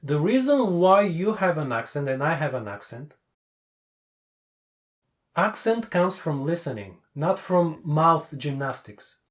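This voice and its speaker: A man's voice: fairly high pitch, very animated, measured pace. A man who is not a native English speaker, an English coach and host, talking bluntly and repeating his key points in a casual call. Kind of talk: casual video call chat.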